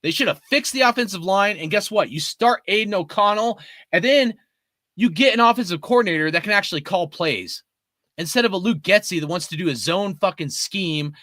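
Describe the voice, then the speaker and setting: A man in his forties delivers a heated, profane fan rant. His voice sits high and bright and swings widely as he gets worked up. The sound is dry and close. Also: animated, brisk, dry recording. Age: 40s. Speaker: sports fan commentator. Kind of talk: ranting fan commentary.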